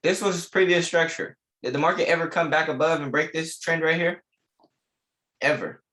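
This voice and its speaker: A man's voice: on the high side, steady tone, moderate pace, pushed and bright. A young man teaching a live online trading class, repeating key lines with emphasis and casual slang. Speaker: trading instructor.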